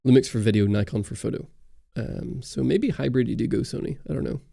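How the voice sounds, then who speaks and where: On a casual YouTube livestream, a host from Northern Ireland with a Northern Irish accent answers viewer chat in a loose, rambling way. He talks briskly at medium pitch in a dark, gravelly voice, and the close studio mic keeps the recording dry.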